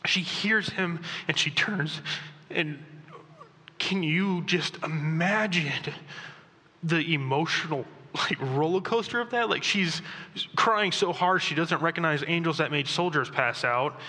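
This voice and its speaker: Casual animated preacher in a reverberant hall. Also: male voice, on the high side, unhurried. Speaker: pastor. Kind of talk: sermon.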